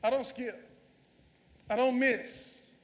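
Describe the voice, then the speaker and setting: A man's voice: extremely high pitch, steady tone, slow pace. A man with a Southern US accent preaching a sermon in a church, calling out to the congregation and teasing them. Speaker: pastor. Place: church sanctuary. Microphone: handheld or stage mic.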